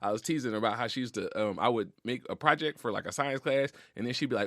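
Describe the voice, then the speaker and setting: Podcast guest: a man of middling pitch, reflective, slangy and openly emotional, on a dry studio mic. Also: fast talker, hardly any pauses, fairly bright tone, dry recording. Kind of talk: casual heartfelt conversation.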